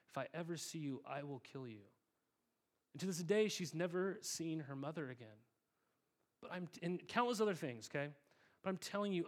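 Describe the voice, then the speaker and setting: A male pastor preaching a sermon, telling a story in an earnest, conversational way and calling the congregation "guys". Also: on the high side.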